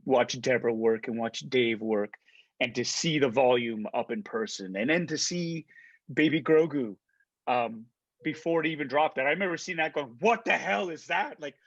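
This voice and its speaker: A man in his forties, an actor, telling an anecdote in excitable, casual talk with many restarts, heard through a dull lo-fi stream. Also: mid-range voice, no echo. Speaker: actor guest on a panel.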